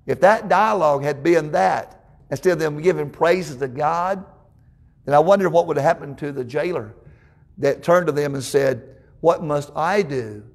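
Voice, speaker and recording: Preacher, male, higher-pitched voice, folksy storyteller, restarts his phrases often. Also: gravelly. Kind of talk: sermon.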